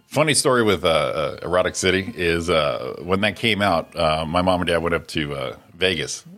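A middle-aged man co-hosting a casual morning show, telling stories with lots of laughter and loud mimicry. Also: deep voice, animated, moderate pace, faint music behind. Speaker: co-host.

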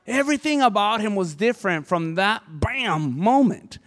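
A man's voice: high voice, lively intonation, moderate pace, a bit bright. A man preaching a sermon as pastor, impassioned and conversational. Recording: hall reverb.

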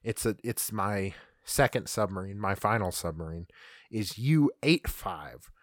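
A man's voice: lowish voice, expressive, a little slow, no room sound, clean studio sound. A man co-hosting a podcast, casually retelling creepy history stories with fillers and stumbles. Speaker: podcast co-host. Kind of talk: casual storytelling chat.

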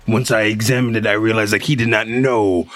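A man voicing a fussy, pedantic male creature who lectures about proper terms, a little lower than his own voice. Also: fairly even intonation, brisk, fairly bright tone, no echo, soft background music, close to an everyday voice. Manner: prim, precise, lecturing.

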